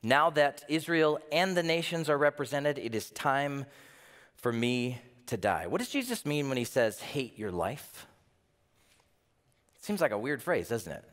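A man preaching a sermon as pastor, animated, firing off rhetorical questions with a lift in his voice. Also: mid-range voice, normal speed, in a large hall. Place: church.

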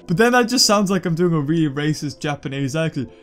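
A man commentates on his own game, thinking aloud and reacting with sudden excited yelps. His voice is high and lively, swinging widely in pitch. Steady game music plays underneath. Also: brisk. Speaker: gaming YouTuber. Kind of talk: live gameplay commentary.

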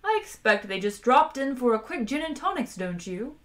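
A woman's voice: fairly high pitch, big pitch swings, moderate pace, voice pushed up. Woman doing a mild, lazy male captain. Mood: gentle. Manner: soft, gentle, unbothered.

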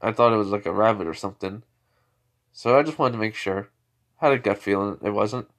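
A man voicing a calm, polite, cocky young male ninja in a casually told fan story, polite and breezy with smug ease. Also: on the low side, a little fast, lightly acted.

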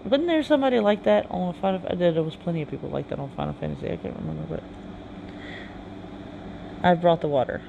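A gamer reading game dialogue aloud in a halting way, with chatty asides in between. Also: medium pitch, creaky, warm tone, lo-fi sound, a little hiss or hum. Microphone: phone game recording with mic.

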